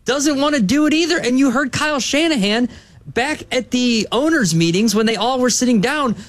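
A man's voice: extremely high pitch, expressive, normal speed, a bit bright. A man hosting a sports radio show, talking at length in a casual, hedging way. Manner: rambling, hedging with restarts.

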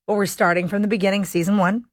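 A woman hosting a radio show in casual chat, tossing out quick joking asides. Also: medium pitch, steady tone, no room sound, studio quality. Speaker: radio host.

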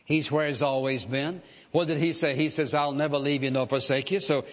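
Male preacher, conversational sermon, somewhat high voice, frequent "uh" fillers, long hall echo. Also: fairly even intonation, a little fast. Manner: conversational preaching with many "uh" fillers and "listen" asides. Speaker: pastor. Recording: reverberant hall, dull lo-fi sound.

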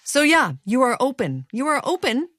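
A woman hosting an interview, asking questions in a gentle, measured way. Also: sits high, sing-song, no room sound, studio quality. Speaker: host.

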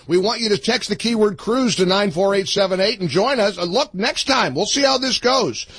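A radio host with a husky, slightly high voice, speaking on a dry, close studio mic. He puts his questions in a chatty, teasing way, stopping and restarting as he goes. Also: lively intonation, moderate pace, a bit bright, no echo, rough recording. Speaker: radio talk show host. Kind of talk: political talk radio interview.

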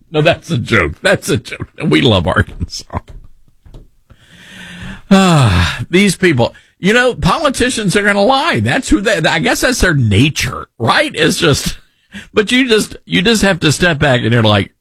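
A man in his fifties hosting talk radio, his pitch swinging widely as he rambles and jokes. His voice is slightly husky, and the close recording is dry with no room sound. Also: normal speed, dry recording. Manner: animated, rambling, jokey. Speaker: radio host.

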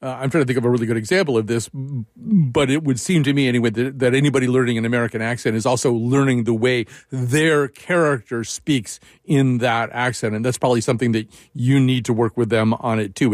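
A man's voice: mid-range voice, fairly quick, hardly any pauses, dry recording, clean studio sound. A man interviewing a guest, asking long questions with many restarts and fillers. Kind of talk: radio interview conversation.

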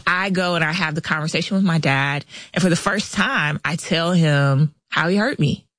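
A woman's voice: sits low, moderate pace, dry recording. A woman guest author, past her thirties, candidly telling a personal story in a casual interview and quoting the people involved. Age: adult past thirties. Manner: candid, animated retelling with quoted dialogue.

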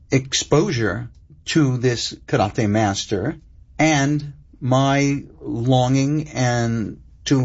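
Older man, interview guest, expansive storyteller, breathy voice, muffled sound. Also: medium pitch. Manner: expansive, laughs at himself. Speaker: screenwriter guest. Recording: muffled broadcast audio.

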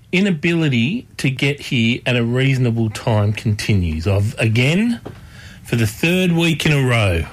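Slow, rambling radio host. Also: male voice, mid-range voice. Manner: rambling, self-deprecating, chatty with fillers and restarts. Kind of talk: casual radio chat.

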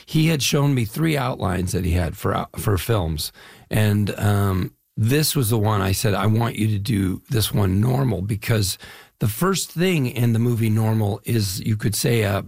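Gravelly, husky older man. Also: lowish voice, lively intonation, a little slow, darkish tone, no room sound, studio quality. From Chicago area, USA. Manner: enthusiastic, rambling storyteller. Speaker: actor guest. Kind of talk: casual interview.

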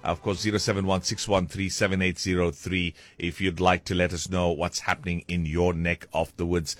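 A man's voice: sits low, flat delivery, normal speed, few pauses, dry recording. A man hosting a breakfast radio show in a loose, chatty way. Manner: loose, chatty delivery with fillers. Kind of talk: casual radio presenting.

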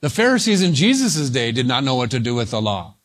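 A man preaching a sermon, speaking slowly and deliberately and leaning hard on single words for emphasis. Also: mid-range voice, very animated. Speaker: pastor.

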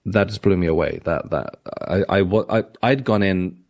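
A man's voice: deep voice, normal speed, gravelly, darkish tone. A man, an author guest on a radio show, talking in a rambling, reflective way with many restarts. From England. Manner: rambling, self-correcting, reflective. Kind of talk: radio interview.

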